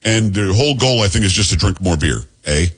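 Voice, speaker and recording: Husky man hosting a podcast. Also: on the low side, animated, fast talker. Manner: joking, rambling, teasing. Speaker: podcast host. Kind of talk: casual podcast chat.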